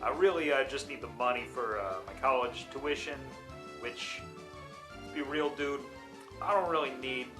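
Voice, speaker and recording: A man playing a laid-back, halting college guy. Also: medium pitch, music in the background, close to an everyday voice. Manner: casual, halting, smugly legalistic. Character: laid-back 22-year-old male college student. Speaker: game show contestant.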